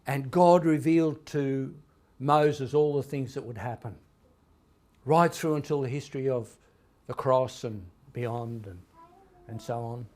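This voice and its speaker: A male pastor delivers a sermon in a church, mid-pitched, with ordinary pitch for a man. He tells stories and swings between loud emphatic lines and quieter asides. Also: a little slow. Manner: storytelling, emphatic swings in loudness.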